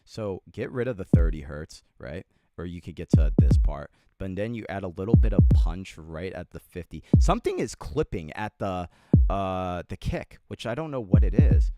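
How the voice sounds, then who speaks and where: A man's voice: low-pitched, very animated, moderate pace, dark tone, lo-fi sound, soft background music. A young man livestreaming a beat-making tutorial, chatting casually with his chat, joking and swearing a lot. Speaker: music producer livestreamer.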